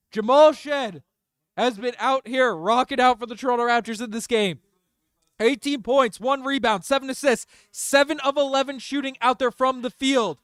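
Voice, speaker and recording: A young man with a very high, smooth voice calls a basketball game as a passionate fan, groaning at misses and yelling "baby" after big shots. The sound is dry and close, with no room around him. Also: dry recording. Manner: swings from despair to hype, yells "baby" on big shots. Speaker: fan commentator streaming live play-by-play. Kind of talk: excited fan play-by-play commentary.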